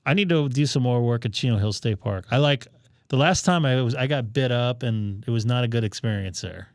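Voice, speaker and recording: Man, casual joking talk, thinks out loud, dry sound. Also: mid-range voice, fairly quick, dry recording. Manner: joking, rambling, thinks aloud while browsing. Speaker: ham radio live stream host. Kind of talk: casual live-stream chat.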